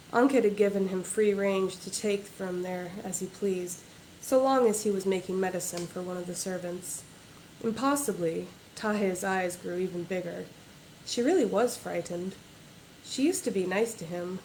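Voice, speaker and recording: A woman's voice: mid-range voice, a little mellow, a little hiss or hum, low-quality recording. A woman author reading aloud from her own novel at a livestreamed book launch, in a plain reading voice without character voices or accents.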